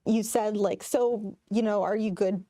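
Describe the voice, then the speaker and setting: A woman's voice: mid-range voice, fairly even intonation, a little slow, warm tone, no echo, clean studio sound. A woman, an actress and guest, chatting casually and joking about herself. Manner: self-deprecating, joking. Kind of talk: casual chat. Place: studio set.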